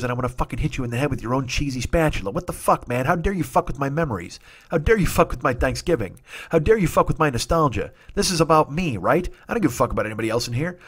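Profane rambling man in his forties. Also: mid-range voice. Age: 40s. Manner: profane, rambling, nostalgic rants. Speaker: comedy podcast host. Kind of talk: rambling comic monologue.

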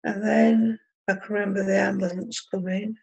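A woman's voice: mid-range voice, flat delivery, moderate pace, creaky, a little mellow, husky, highs cut off. A middle-aged woman, plainly recounting a personal story in local dialect.

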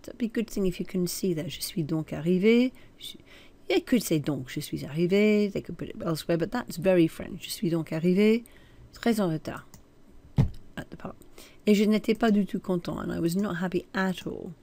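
Woman teaching French translations, slightly low. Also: a little fast, warm tone, a little hiss or hum. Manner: reads French lines then translates and comments; self-correcting asides. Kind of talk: recorded language lesson.

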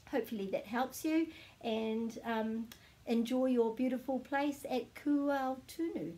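A woman giving a friendly pronunciation lesson, sounding out words slowly and carefully. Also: on the high side, dark tone. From New Zealand. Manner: slow, careful demonstration of each sound. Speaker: pronunciation teacher, author.

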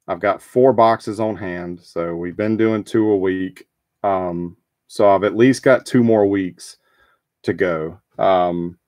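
A man's voice: lowish voice, no echo, studio quality. A man hosting a live trading card break, talking casually and rambling with frequent ums and restarts.

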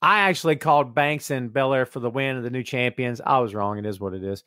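A man's voice: mid-range voice, quick pace, sharp tone, dry recording, studio quality. A man hosting a live-streamed wrestling podcast in casual, sarcastic chat, reading viewer comments aloud and mumbling to himself while he adjusts settings.

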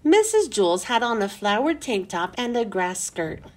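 A woman reading a children's chapter book aloud, slow and expressive. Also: medium pitch.

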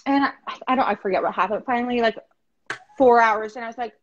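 A woman guest chatting casually, telling stories with lively acted-out quotes. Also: on the high side, quick pace, muffled recording. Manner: animated storytelling, acts out quotes. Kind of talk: casual chat.

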